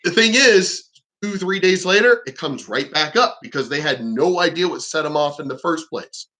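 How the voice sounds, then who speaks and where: A man vents in a loose vlog rant, blunt and profane. His voice sits high and rings bright. He rambles and restarts mid-thought, sounding fed up rather than polished. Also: expressive, moderate pace. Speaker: vlogger. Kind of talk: unscripted ranting commentary.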